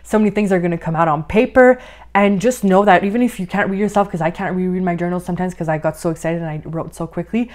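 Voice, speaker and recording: A woman's voice: fairly low pitch, fast talker. A woman life coach talking through a podcast lesson in an encouraging way, often saying "like" and a little out of breath. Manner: warm, encouraging, uses many "like" fillers. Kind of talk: podcast monologue, guided coaching.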